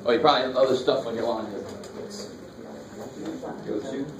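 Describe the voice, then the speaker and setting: Speaking at a moderate pace in a mid-range voice with fairly even intonation, a male instructor gives a college math lecture. He walks students through calculator steps in a casual way, slipping in slang. The classroom echoes, the mic sits far off, and there's faint noise.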